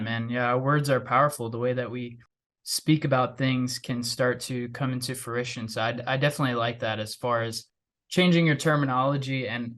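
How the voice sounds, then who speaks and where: A man's voice: medium pitch, a bit bright. A man hosting a podcast conversation, laid-back and agreeable.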